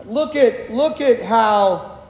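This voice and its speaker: High-voiced slow-preaching pastor in an echoey hall. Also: male voice, animated, darkish tone. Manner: slow, measured, with frequent restarts. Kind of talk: sermon with scripture reading. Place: church sanctuary. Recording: echoey hall, long reverb.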